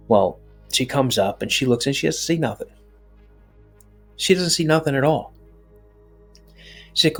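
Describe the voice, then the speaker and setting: Husky man telling a spooky story. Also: mid-range voice, moderate pace, long pauses, soft background music. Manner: animated storytelling with many restarts. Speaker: podcast guest.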